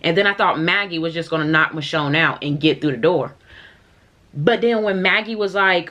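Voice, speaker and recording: A woman giving a casual recap of a TV episode, animated and full of fillers, acting out the characters' lines. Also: fairly low pitch, normal speed. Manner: animated, many fillers, acts out quoted lines. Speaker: TV episode reviewer.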